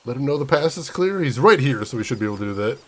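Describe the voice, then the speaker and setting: A man's voice: medium pitch, lively intonation, rapid-fire. A young American man streaming a game, chatting casually and mock-ranting playfully at his chat. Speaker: gaming streamer. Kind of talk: casual gameplay commentary.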